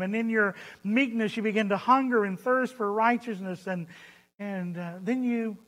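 A preacher delivering a sermon, stressing points by repeating phrases and asking rhetorical questions. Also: mid-range voice. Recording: long hall reverb.

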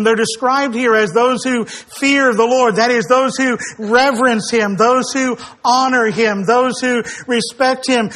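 A man's voice: extremely high pitch, fairly bright tone. A man preaching a sermon, earnest and emphatic, stressing his words and sometimes acting out quoted speakers.

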